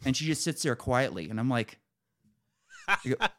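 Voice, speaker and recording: A man hosting a podcast, casually telling an exasperated, animated story with some swearing. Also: medium pitch, moderate pace. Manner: animated, exasperated retelling with profanity. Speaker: podcast host.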